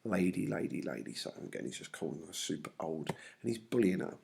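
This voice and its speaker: Male teacher, casual slangy explaining, low pitch, gravelly. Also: lively intonation, brisk, a little mellow, slight background noise. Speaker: English teacher. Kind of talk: literature lesson, reading and paraphrasing.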